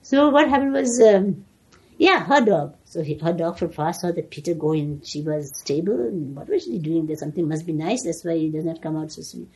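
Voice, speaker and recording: An older woman reminiscing in an animated way, often laughing and restarting her sentences. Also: deep voice, brisk, breathy edge, poor audio. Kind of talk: reminiscing storytelling.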